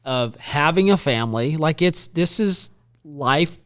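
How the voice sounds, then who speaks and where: A man co-hosting a Christian podcast, talking in an animated way as he builds up his points. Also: a little high, unhurried. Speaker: podcast co-host. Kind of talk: conversational Christian podcast discussion.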